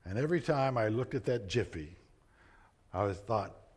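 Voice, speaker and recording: A man preaching a sermon, earnest and conversational, swinging between emphatic points and hushed, quiet asides. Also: medium pitch, lively intonation, normal speed. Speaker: pastor.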